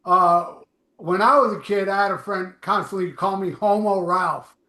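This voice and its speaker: A man's voice: sits high, moderate pace, pushed and bright, reverberant. A man hosting a podcast, rambling and joking with crude, profane banter. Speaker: podcast host.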